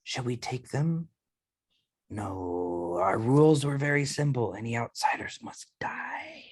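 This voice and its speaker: A man's voice: medium pitch, huge pitch swings, moderate pace, creaky, slightly rough, full character voice. A man voicing a hostile male ratfolk guard in a tabletop game, with cold, terse threats. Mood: menacing.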